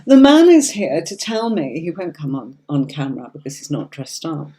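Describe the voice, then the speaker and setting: Woman, neutral standard British accent, fairly low voice, warm mellow tone, chatty tarot livestream host. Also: very animated, normal speed. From Yorkshire, England. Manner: chatty and reassuring, often checking in with "okay?". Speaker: tarot reader hosting a livestream. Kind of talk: live-stream chat and tarot reading.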